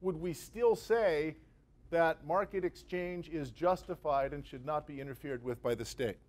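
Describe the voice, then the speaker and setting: At a university venue with a live audience, a man delivers a guest lecture in a relaxed, joking style, drawing on everyday examples. He speaks unhurriedly in a slightly high voice.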